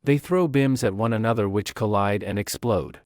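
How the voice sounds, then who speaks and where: Steady male anime recap narrator, dry sound. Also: lowish voice, moderate pace, dry recording. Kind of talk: scripted narration.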